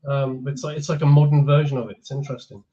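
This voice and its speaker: A man's voice: medium pitch, flat delivery, quick pace, dark tone, lo-fi sound. A man chatting casually on a call, hesitant and trailing off at the ends of his thoughts. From Teesside, England. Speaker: co-host or guest on a call. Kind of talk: casual chat.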